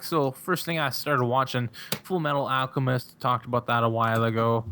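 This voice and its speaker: A man's voice: medium pitch, steady tone, normal speed, fairly bright tone, slight background noise. A young man, a podcast guest, chatting casually, rambling with lots of fillers and laughing often. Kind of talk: casual chat.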